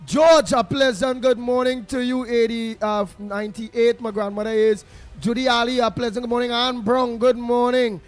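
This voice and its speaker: A man's voice: extremely high pitch, level tone, normal speed, faint music behind. A man with a Trinidadian accent hosting a talk show, chatting in creole phrasing and rattling off listeners' names to greet them. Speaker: radio talk show host. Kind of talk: casual on-air chat greeting listeners.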